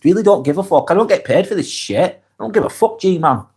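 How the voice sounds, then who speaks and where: A man hosting a live vlog, reading comments aloud and answering them bluntly, often swearing, then softening to reassure. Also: high-pitched, animated, a little fast, slightly rough. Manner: blunt, sweary, swings between brusque and reassuring. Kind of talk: casual live vlog chat.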